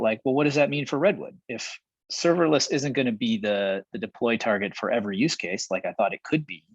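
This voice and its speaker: A man's voice: lowish voice, slightly rough, no room sound, muffled recording. A man talking casually and emphatically on a panel, rambling with many fillers. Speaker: co-founder on a panel.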